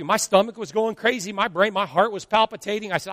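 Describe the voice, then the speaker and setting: A man in his fifties, a pastor preaching an animated sermon and acting out quotes from his congregation. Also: sits high, brisk, no echo, clean studio sound, in a large hall. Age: 50s.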